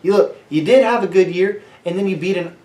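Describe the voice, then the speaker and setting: A young man co-hosting a sports podcast, ranting loudly with plenty of swearing. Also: high-pitched, fairly quick, roomy sound. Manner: brash, ranting, heavy swearing. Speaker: podcast co-host. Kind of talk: profane sports podcast banter.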